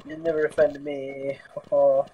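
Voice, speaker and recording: A man's voice: mid-range voice, level tone, slow pace, narrow, tinny audio, a little hiss or hum. A man swearing and trash-talking back at a friend during casual gameplay chat. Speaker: gamer, friend of the host.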